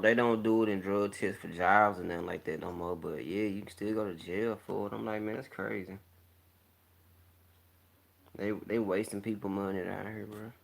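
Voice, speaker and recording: Deep gravelly man rambling. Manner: laid-back, rambling, candid talk with frequent throat clearing. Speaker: vlogger. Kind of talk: casual monologue to camera. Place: home, smoking while talking.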